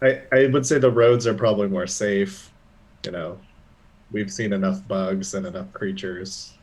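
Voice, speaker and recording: Male player, husky and low, casual table chat. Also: fairly even intonation, measured pace, darkish tone.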